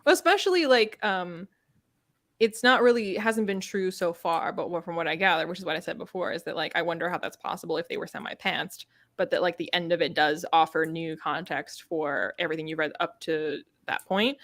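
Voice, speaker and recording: A woman's voice: lowish voice, a little fast, fairly bright tone, no room sound. A woman hosting a casual live chat about books, talking in a chatty, rambling way with lots of fillers. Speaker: book channel host.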